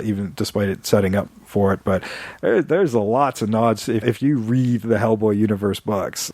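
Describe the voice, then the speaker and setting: A man co-hosting a podcast in relaxed, casual chat, laughing often and reading out show plugs. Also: lowish voice, vocal fry, dry recording. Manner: easygoing, laughs often, fillers and restarts. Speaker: podcast co-host.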